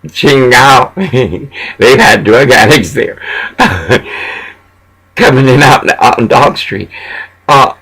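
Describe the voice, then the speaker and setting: A man with a gravelly, rough-edged voice, slightly husky and never quite clear. He rants unhurriedly through a profane, rambling vlog monologue. His thoughts jump around, and short chuckles break in. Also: mid-range voice, a bit bright, rough recording. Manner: ranting, profane, scattered, with chuckles. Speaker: vlogger.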